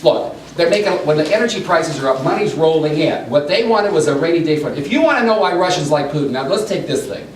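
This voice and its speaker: Middle-aged male lecturer, hurried and excitable, lively high voice, recorded from afar in an echoey room. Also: a little hiss or hum. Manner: hurried, excitable, many restarts. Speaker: political science lecturer. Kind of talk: animated public lecture. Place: breakfast meeting room. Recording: echoey room, mic far off.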